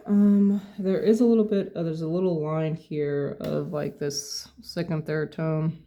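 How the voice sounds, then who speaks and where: A painting teacher talks through a tutorial in a gravelly voice with a dark, mellow tone. They take their time and think aloud about each step of the work. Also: mid-range voice, fairly even intonation, unhurried. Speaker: painting instructor.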